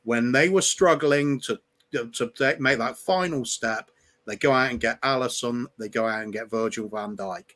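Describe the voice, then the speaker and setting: A man co-hosting a live football fan show, giving measured, opinionated analysis. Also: medium pitch, fairly bright tone. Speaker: co-host. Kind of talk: casual fan chat.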